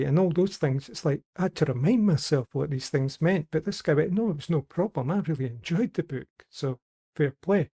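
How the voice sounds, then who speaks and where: A man's voice: fairly high pitch, creaky, mellow. A Scottish man chatting casually on a podcast, telling rambling anecdotes. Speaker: podcast regular. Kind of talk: casual group chat.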